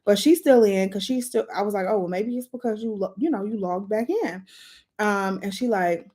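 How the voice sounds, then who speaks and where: A woman chatting casually in a storytime vlog, retelling events in a lively way while doing her makeup. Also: brisk. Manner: lively, animated retelling with sudden jumps in pitch and volume. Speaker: vlogger telling a story.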